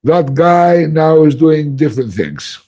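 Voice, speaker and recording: A man facilitating ayahuasca workshops, telling a story in a casual podcast chat, animated and emphatic with lots of "like" fillers. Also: fairly high pitch, takes it slowly.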